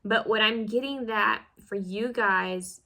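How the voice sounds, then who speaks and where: A woman's voice: medium pitch, takes it slowly, creaky, sharp tone. A woman giving a casual pick-a-card tarot reading, rambling and self-conscious, full of fillers and restarts as she fumbles over her words.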